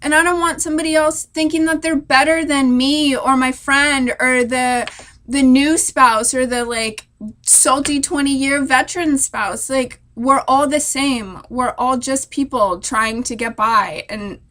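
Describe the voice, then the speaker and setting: A woman's voice: high-pitched, a bit bright. A young woman, a military spouse, talking through tears in an emotional personal vlog, rambling with many "like" fillers. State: crying. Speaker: vlogger. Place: hotel room.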